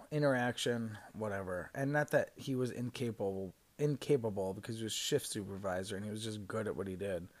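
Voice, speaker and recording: A podcast host in their thirties telling a work story in a rambling, casual way, with lots of fillers, self-corrections and swearing. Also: mid-range voice. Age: 30s.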